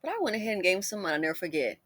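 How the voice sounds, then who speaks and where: A middle-aged woman hosting a commentary video, telling personal stories in a chatty, animated way and laughing as she goes. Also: on the low side, very fast, no echo. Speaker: commentator host. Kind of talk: casual storytelling commentary.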